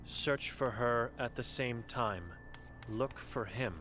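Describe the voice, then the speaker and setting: A man's voice: mid-range voice, fairly bright tone, slight background noise. A man reading for a cryptic old blind woman. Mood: grim. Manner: terse broken phrases, read slowly from chalk.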